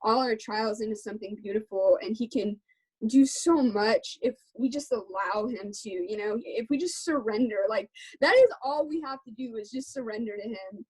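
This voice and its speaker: A young adult woman talks candidly in an interview, her voice slightly higher than most. She speaks earnestly and from the heart, with a plain, conversational delivery. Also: normal speed, a little mellow, breathy edge, rough recording. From Texas. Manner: earnest, heartfelt, faith-centered. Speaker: guest musician.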